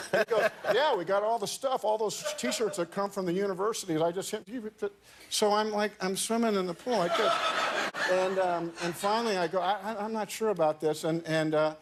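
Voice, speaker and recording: Talk show guest, male, voice a touch high, chatty anecdote, stops and restarts often. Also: background noise. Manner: halting, restarts and repeats words. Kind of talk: telling an anecdote in casual chat.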